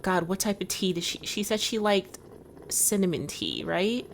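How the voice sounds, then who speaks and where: A woman's voice: medium pitch, expressive, moderate pace, gravelly, a little hiss or hum. A woman giving let's-play commentary, chatting and reacting aloud with strong emotion to a story game. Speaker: video game player. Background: game music.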